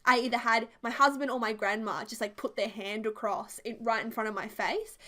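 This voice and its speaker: A woman, casually telling a story, chatty and animated with lots of "like". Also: a little high, a little fast. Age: 20s. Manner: chatty and animated, heavy use of "like". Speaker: video creator. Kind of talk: casual storytelling over a build video.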